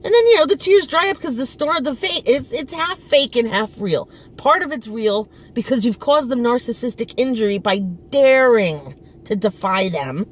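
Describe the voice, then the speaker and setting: A woman's voice: a little high, expressive, normal speed. Frustrated middle-aged woman venting. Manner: frustrated, emphatic, with many restarts. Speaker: vlogger. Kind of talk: casual personal venting. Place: outdoors in front of her apartment.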